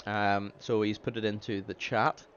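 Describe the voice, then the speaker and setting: A man's voice: lowish voice, little pitch movement, lo-fi sound, a crowd in the background. A man commentating an online sim race on a stream, with lots of fillers and false starts. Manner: halting, full of fillers. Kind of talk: casual sim racing commentary.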